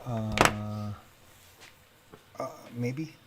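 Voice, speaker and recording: A man hosting a relaxed, casual chat during drone race practice, laughing easily. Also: fairly low pitch, drawn-out words, heavy background noise. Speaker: host.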